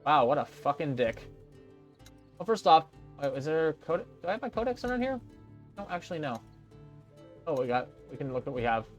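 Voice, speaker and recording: A man's voice: on the high side, very animated, fairly quick, long pauses, muffled recording, faint music behind. Casual, sarcastic let's play guy. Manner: casual, sarcastic, swears freely. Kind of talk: casual gameplay commentary.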